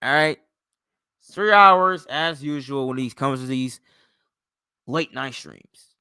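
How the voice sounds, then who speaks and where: A man's voice: mid-range voice, steady tone, unhurried, pushed and bright, smooth, dry recording, studio quality. A sleepy man hosting a late-night livestream, rambling and ranting with plenty of swearing. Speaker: livestream host.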